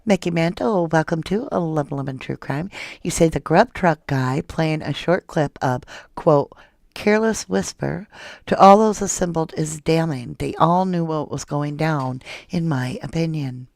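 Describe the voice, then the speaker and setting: A woman hosting a casual true crime livestream, chatting with viewers and reading their comments in an animated way. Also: a little slow, creaky, no room sound, studio quality. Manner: chatty and animated, jumping up high when excited.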